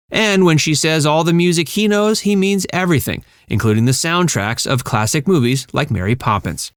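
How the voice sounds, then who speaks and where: A man narrating a scripted video in an even, read-aloud delivery. His voice sits at a middle pitch. It is recorded close and dry, with no room sound. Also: dry recording.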